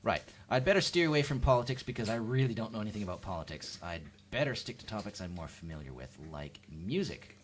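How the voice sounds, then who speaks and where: A Canadian man doing a seated at-home stand-up comedy routine, deadpan, with sudden jumps into high-pitched quoted voices. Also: fast talker, hardly any pauses, slight background noise. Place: at home, lives in the UK.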